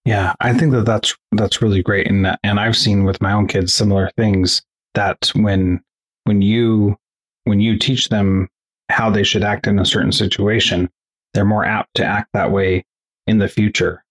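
A man's voice: on the low side, little pitch movement, unhurried, husky. A man hosting an interview, asking thoughtful questions and sharing his own family experiences, often restarting sentences. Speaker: podcast host. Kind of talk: casual interview conversation.

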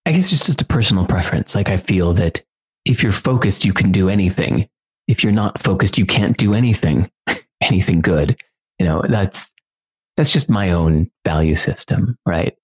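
Husky-voiced man telling parenting stories. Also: low voice, animated, normal speed. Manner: rambling, many "like" fillers. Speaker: guest parent. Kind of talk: casual conversational storytelling.

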